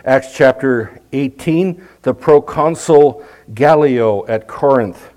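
Man, middle-aged pastor, conversational sermon, mid-pitched voice, emphatic readings. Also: takes it slowly, darkish tone, poor audio.

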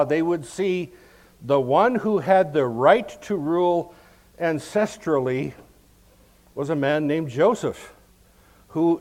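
A man teaching scripture verse by verse, in a slightly high voice for a man. He takes his time, laying out each point slowly and leaning hard on the words that matter. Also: darkish tone. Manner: measured, explanatory, emphatic on key words. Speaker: Bible teacher.

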